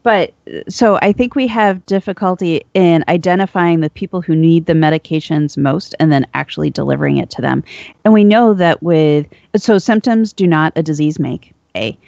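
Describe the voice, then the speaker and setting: A panelist who presents medical study findings in a measured, explanatory way with an occasional dry laugh. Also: medium pitch, vocal fry, a little mellow, dry recording. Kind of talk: casual panel discussion. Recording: dull lo-fi sound.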